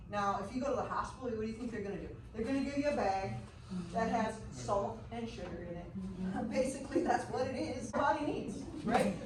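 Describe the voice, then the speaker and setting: A woman teaching a health class who tells her stories in an animated way and often laughs. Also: on the high side. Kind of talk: casual storytelling class. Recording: echoey room, mic far off, noisy.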